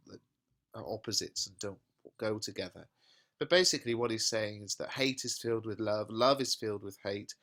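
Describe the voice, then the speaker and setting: A male English teacher with a fairly low voice walks through a classic play, talking in a loose, everyday way. He fills his talk with little fillers as he turns each old line into plain modern words. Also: fairly bright tone. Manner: casual, paraphrases in plain modern speech with many fillers. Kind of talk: explaining a play scene line by line.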